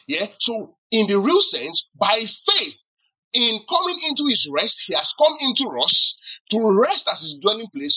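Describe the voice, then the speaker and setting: Pastor preaching, piercing tense voice, husky edge, lively swinging pitch, call-and-response questions, teasing humor. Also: rough recording. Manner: asks the congregation questions to answer back; teasing humor with acted-out examples. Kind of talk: sermon.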